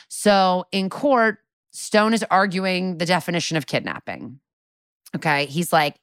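A woman's voice: sits low, normal speed, smooth, dry recording, clean studio sound. A woman co-hosting a podcast, chattily recapping a TV episode with sarcastic asides and quoted lines. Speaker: podcast co-host. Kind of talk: casual recap chat.

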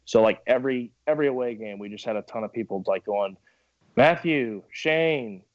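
Young man, low voice, dry dull recording, relaxed casual chat, lots of fillers. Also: fast talker, dry recording. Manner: laid-back, many fillers, laughs often. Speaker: minor league baseball pitcher, guest.

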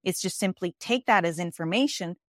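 A woman's voice: lowish voice, brisk, no room sound, studio quality. A woman who is a life coach and author, speaking as an interview guest with emphatic repeated phrases and frequent restarts. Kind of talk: interview guest explaining ideas.

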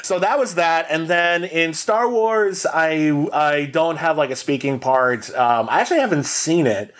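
A man with a slightly high voice tells a long comic story on a podcast. He rambles and mocks himself, with lots of fillers and false starts. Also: measured pace. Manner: rambling, self-deprecating and animated, with many fillers. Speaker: podcast co-host. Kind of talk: casual storytelling.

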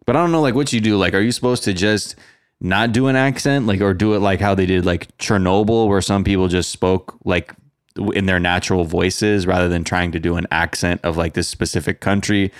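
A man's voice: sits low, fairly even intonation, fairly quick, clean tone, no room sound, studio quality. A man hosting a podcast in a casual, joking chat, full of filler words. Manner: laid-back, joking, with lots of filler words. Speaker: podcast host.

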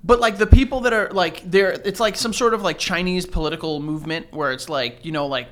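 Man, podcast co-host, chatty and meandering, bright tense tone, a bit high. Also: a little fast, few pauses. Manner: rambling, lots of filler "like". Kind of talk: casual podcast banter.

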